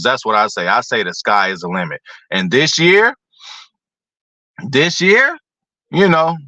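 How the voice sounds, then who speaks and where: A man's voice: fairly low pitch, pushed and bright, no room sound. A man hosting a casual sports talk show, rambling and profane, talking to his viewers by name. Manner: talks to chat viewers by name.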